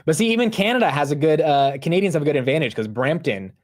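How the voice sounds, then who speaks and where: Chatty excitable man calling stock prices. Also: a little high, fast. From United States. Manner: excitable, chatty, talks to viewers and chat. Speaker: livestream market host. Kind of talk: casual live market commentary.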